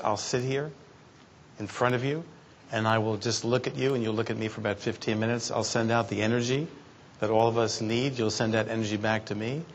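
A man's voice: mid-range voice, muffled recording, a little hiss or hum. A man giving a keynote talk at a conference, telling stories from his life in a playful, teasing way. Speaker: keynote speaker. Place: conference hall.

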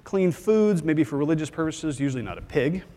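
Speaking a bit quickly in a higher-pitched voice, a physician assistant from Texas delivers a lively, jokey, conversational talk at a conference. The setting is a big conference hall, and its reverb is audible.

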